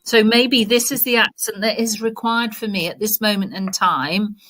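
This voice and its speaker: A woman's voice: mid-range voice, moderate pace, fairly bright tone. A woman with an English accent in casual chat, reflective and earnest, talking at length. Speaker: guest.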